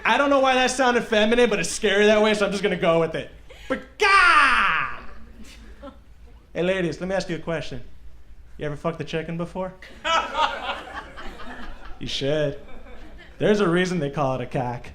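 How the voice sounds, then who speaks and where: A young man from Texas doing a stand-up comedy set on a club stage, self-mocking, with loud bursts for acted bits. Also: sits high, fairly quick, long pauses, a little hiss or hum. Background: audience laughter.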